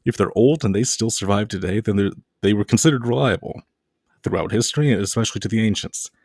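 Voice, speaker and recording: A man's voice: on the low side, quick pace, darkish tone, dry recording, clean studio sound. A man giving a casual video lecture, dropping playful jokes and mock-scary asides.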